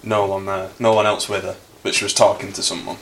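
A man's voice: low-pitched, level tone, brisk, fairly bright tone. A man telling a story bluntly in casual chat.

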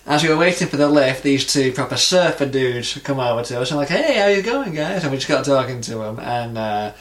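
A man's voice: medium pitch, a little fast, fairly bright tone. Man telling anecdotes, roomy sound. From England. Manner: anecdotal, acts out voices in stories. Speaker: podcast co-host. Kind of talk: casual chat, storytelling.

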